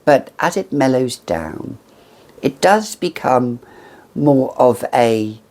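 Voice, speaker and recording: A woman in her fifties talks through her perfume collection to camera, unhurried and lingering over her words. Her voice carries a gravelly, creaky edge, and she slips into theatrical, gushing asides as she goes. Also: very deep voice, lively intonation, darkish tone. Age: 50s. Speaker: fragrance reviewer. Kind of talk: casual chat to camera.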